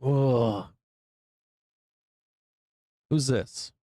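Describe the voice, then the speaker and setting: A man hosting a live trading stream, swearing and impatiently yelling at the price chart, with excitable bursts and frequent laughs. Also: mid-range voice, extremely slow, dry recording. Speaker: live trading show host. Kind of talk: live-stream market commentary.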